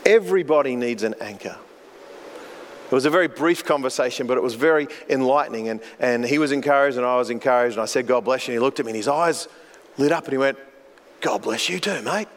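A man's voice: medium pitch, quick pace, slight background noise. A man preaching a sermon as pastor, earnest and storytelling, often repeating words as he goes. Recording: long hall reverb.

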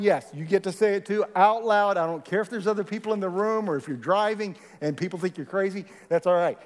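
A man preaching a sermon to a large congregation, lively and rallying, leading them in call and response. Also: high-pitched. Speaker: pastor. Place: large church hall. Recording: echoey hall with long reverb.

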